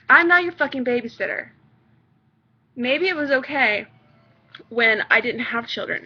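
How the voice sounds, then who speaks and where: A woman's voice: high voice, slightly rough, muffled recording. A young mother ranting on her vlog, exasperated and swearing freely. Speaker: vlogger, mother.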